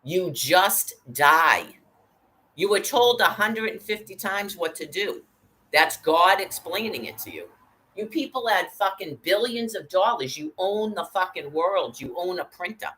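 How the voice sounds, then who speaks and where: A woman's voice: lowish voice, expressive, normal speed, a bit bright, low-quality recording. A woman delivering an angry, profane rant, cursing constantly and hurling threats.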